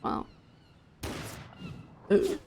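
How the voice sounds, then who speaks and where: Playful young woman reacting to a game. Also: extremely slow. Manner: playful, laughs often, mock pirate yells. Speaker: streamer. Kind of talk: casual live game reaction.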